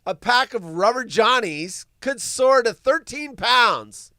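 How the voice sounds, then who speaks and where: Animated, bright-voiced male streamer. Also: extremely high pitch, takes it slowly, no echo, studio quality. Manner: animated and wisecracking, swears freely. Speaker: livestream host. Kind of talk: casual live-stream commentary.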